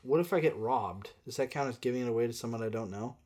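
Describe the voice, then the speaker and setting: A man's voice: mid-range voice, fast talker, a little mellow. A man co-hosting a podcast, joking around, dropping pop culture references and slipping into silly voices. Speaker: co-host and player. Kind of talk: casual podcast banter.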